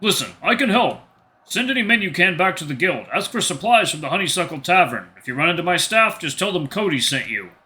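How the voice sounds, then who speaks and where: A man voicing an earnest male bear adventurer in a game, speaking higher and louder than his own voice. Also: very animated, fairly quick, full character voice.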